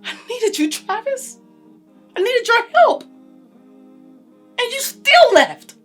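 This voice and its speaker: A woman's voice: medium pitch, lively intonation, moderate pace, slightly rough, faint music behind. An actress playing a bitter, hurt mother of a grown son in a family therapy scene. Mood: anguished. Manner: bitter, rising to furious shouting. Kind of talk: web series drama acting.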